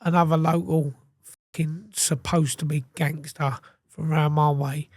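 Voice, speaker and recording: A man's voice: fairly high pitch, level tone, unhurried, dry recording, clean studio sound. An English man, a podcast guest, telling his story casually with heavy swearing and acted-out quotes. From England. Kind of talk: candid storytelling interview.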